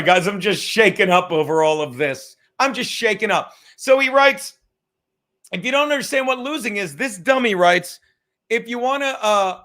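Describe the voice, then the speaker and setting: A man's voice: very high-pitched, vocal fry, sharp tone. A man hosting a comedy podcast from his apartment, ranting in a profane, mocking, sarcastic way. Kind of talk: casual sarcastic rant. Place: home apartment.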